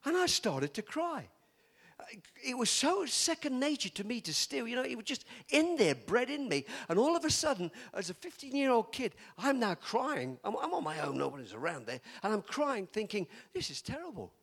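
A man's voice: very high voice, sing-song, normal speed, vocal fry, a bit bright. An older man from England, preaching a chatty sermon full of stories, laughing often and teasing his listeners.

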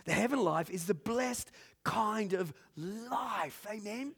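A man preaching a sermon to a congregation, who swings from loud, drawn-out preaching to hushed storytelling and laughs at his own jokes. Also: high-pitched, animated, husky. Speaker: pastor. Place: church in front of a congregation.

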